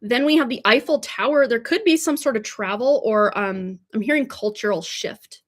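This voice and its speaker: Casual livestream tarot reader, woman, higher-pitched, rambling and chatty. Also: normal speed. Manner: chatty and rambling, stumbles over words with small laughs. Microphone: livestream mic.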